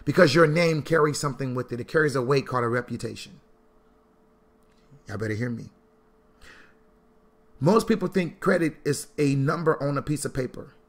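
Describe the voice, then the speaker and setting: A man giving a sermon-style talk on money, preacherly and animated, repeating lines for emphasis and swinging from low asides to loud bursts. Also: normal speed, pauses often. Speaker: Christian financial teacher.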